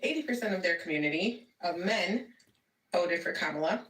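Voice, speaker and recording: A Mexican woman talks frankly in a casual monologue, dropping easy fillers as she goes. Her voice sits low and reaches the mic from a distance. The clip sounds roomy. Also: lively intonation, moderate pace, fairly bright tone.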